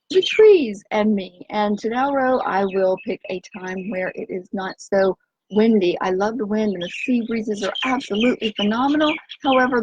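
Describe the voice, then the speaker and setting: A woman's voice: mid-range voice, a little mellow, husky, muffled recording. A woman hosting an upbeat live stream outdoors by the sea, talking in an exuberant, sing-song way and breaking into chants and cheers. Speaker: organic nutrition coach and live-stream host. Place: outdoors by the sea on a windy day.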